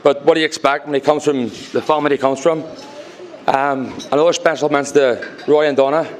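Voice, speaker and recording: A young man giving a groom's wedding speech to guests at a reception, halting with many ums, turning teary between jokes. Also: on the high side, fairly even intonation, a little hiss or hum.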